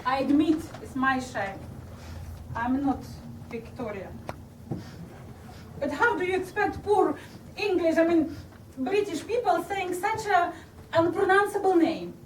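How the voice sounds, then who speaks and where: A woman's voice: extremely high pitch, animated, unhurried, pauses often. A woman with a Ukrainian accent plays a brash Ukrainian woman who passes herself off as Russian, teasing and mock-confessional in a live stage comedy. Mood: sly. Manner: teasing, mock-confessional, laughing at her own jokes. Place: theatre stage. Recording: distant, roomy live stage recording with audience noise.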